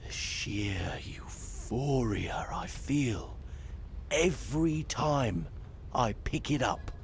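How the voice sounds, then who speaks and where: An actor playing a man obsessed with a bucket in a video game, speaking in a hushed, half-whispered way. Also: medium pitch, lively intonation, very slow, slight background noise. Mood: awed, brooding.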